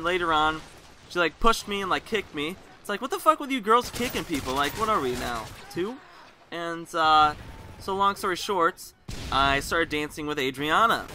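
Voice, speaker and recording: A man's voice: fairly high pitch, background noise. A young man telling a story in a rambling, chatty vlog style, swearing freely as he goes. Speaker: vlogger. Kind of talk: casual storytelling.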